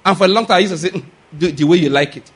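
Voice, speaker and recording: A man's voice: high-pitched, rapid-fire, fairly bright tone, breathy edge. A man preaching a sermon, emphatic and addressing the congregation directly with questions. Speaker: pastor.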